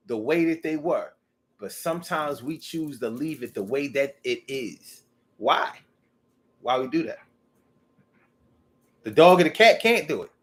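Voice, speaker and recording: A man talking in a casual, rambling monologue, animated and profane, to his own audience. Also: fairly high pitch. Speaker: vlogger.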